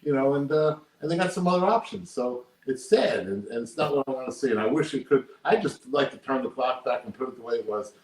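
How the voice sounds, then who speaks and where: A man's voice: mid-range voice, expressive, quick pace, few pauses, darkish tone. An older man, a poker player, talking casually and emphatically in an interview, repeating his points. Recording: roomy echo.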